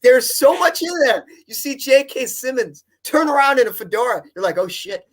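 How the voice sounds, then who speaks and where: A man's voice: extremely high pitch, lively intonation, moderate pace. A young man co-hosting a casual movie chat, rambling with breathless enthusiasm and frequent restarts. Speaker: co-host.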